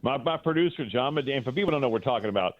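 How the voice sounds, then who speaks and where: A man's voice: mid-range voice, animated, very fast, dry recording. A middle-aged man, a guest sports broadcaster, telling an emotional story in a rambling way, full of fillers and restarts, on a call into a show. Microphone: phone. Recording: dry, tinny phone line.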